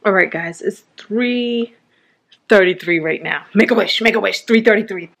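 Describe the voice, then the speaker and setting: Woman vlogging around her house, chatty and loose, keeps saying y'all, mid pitch, handheld cam. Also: normal speed, gravelly, a bit bright. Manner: chatty, talks straight to viewers with "y'all". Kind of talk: casual home vlog talking to camera. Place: inside a home, walking between rooms.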